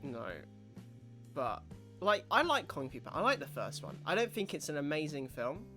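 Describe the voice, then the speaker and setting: A man co-hosting a podcast in casual, animated, rambling chat. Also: fairly high pitch, normal speed, soft background music. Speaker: podcast co-host.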